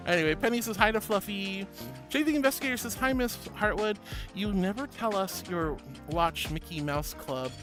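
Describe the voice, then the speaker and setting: Reading viewer messages and chatting in a relaxed way, the woman streamer sounds sweet and affectionate. Her pitch jumps up high each time she greets someone.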